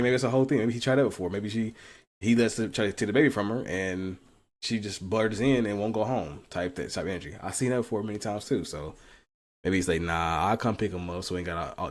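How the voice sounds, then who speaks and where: A young man with a fairly low voice talks in a loose, slangy way. His casual reaction chat swings between quiet asides and loud outbursts, with laughter mixed in. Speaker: co-host reacting to news.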